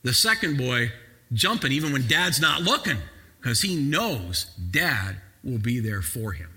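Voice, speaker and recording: A man preaching a sermon as a pastor, moving from quiet, measured passages to loud, shouting emphasis. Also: a little high, lively intonation, slightly rough, long reverb tail.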